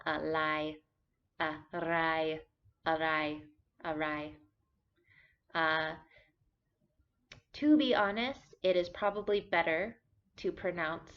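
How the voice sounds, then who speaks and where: A woman teaching a vocabulary lesson, saying each word slowly and carefully and repeating it for practice. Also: lowish voice. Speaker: language teacher. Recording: dull lo-fi sound.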